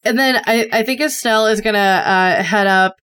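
A woman player describing her character's actions in a tabletop game, halting with uhs. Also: mid-range voice, a bit bright, smooth, no room sound. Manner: hesitant, halting.

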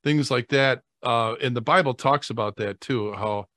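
A man, a priest, talking in a rambling, animated way with many fillers and restarts on a faith talk show. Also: medium pitch, moderate pace, no room sound.

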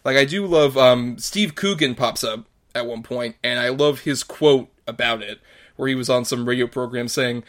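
A man in an easygoing podcast chat who picks apart a film with dry, wry remarks and plenty of ums and likes. His voice sits in an ordinary middle pitch, and his talk is loose and conversational. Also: moderate pace, fairly bright tone. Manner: wry, dry criticism with frequent fillers. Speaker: podcast co-host. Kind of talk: casual movie review chat.

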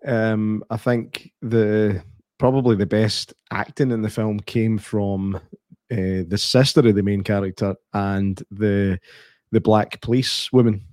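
A Scottish man in his thirties co-hosting a casual film chat, animated, swearing and laughing as he talks. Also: on the low side, slow, dry recording, studio quality. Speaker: podcast co-host.

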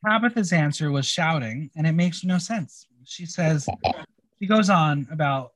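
A man co-hosting a podcast, chatting casually and reading out answers with wry, quick reactions. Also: on the high side, fairly bright tone, no room sound. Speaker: podcast co-host. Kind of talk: casual recap chat.

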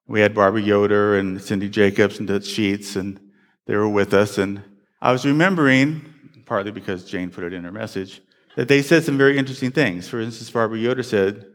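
A man pastor delivers a sermon in a loose, conversational way, restarting phrases and turning to the room with questions. His voice sits at an ordinary middle pitch. The sound carries a long reverb, as in a large church sanctuary. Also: fairly quick. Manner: animated, conversational preaching with frequent restarts and audience questions.

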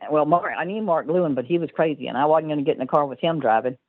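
A woman's voice: sits low, fast, no echo. An older woman telling stories as an interview guest, rambling and laughing often mid-sentence, heard over a tinny phone line.

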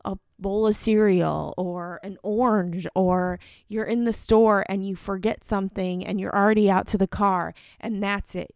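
A young woman with a gravelly, creaky voice, recorded close and dry with no room sound. She tells a personal story in a loose, rambling way. She is candid and laughs at her own faults as a mom. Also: mid-range voice, fairly even intonation, normal speed, few pauses, darkish tone, no echo. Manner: rambling, candid, self-deprecating. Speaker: mom vlogger.

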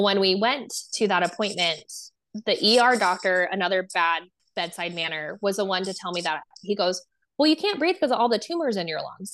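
A young adult woman appears as a guest and tells a personal story in a casual way, full of fillers and acted-out quotes. Her voice sits at a medium pitch with a fairly bright tone.

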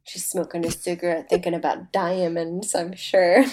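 A young woman in casual chat, retelling a film scene by scene with lively acted-out lines and casual swearing. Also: on the low side, normal speed. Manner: animated, acts out characters, swears freely.

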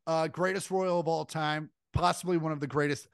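A man co-hosting a podcast, rambling and swearing casually, with sudden animated bits of mimicry. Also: fairly high pitch, moderate pace, gravelly, smooth, dry recording, studio quality. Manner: rambling, profane, jumps into animated impressions. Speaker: podcast co-host.

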